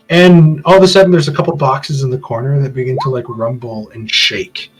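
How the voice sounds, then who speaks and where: A man's voice: medium pitch, steady tone, brisk, few pauses, soft background music, rough recording. A man running a tabletop game as game master, describing scenes in a loose, hedging way full of fillers.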